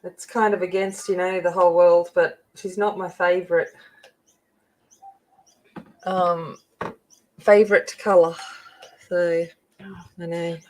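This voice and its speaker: A woman's voice: on the low side, level tone, takes it slowly, long pauses, a little mellow, poor audio. A middle-aged Australian woman hosting a live coloring stream, chatting casually and greeting viewers by name as she rambles through asides. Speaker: coloring channel host.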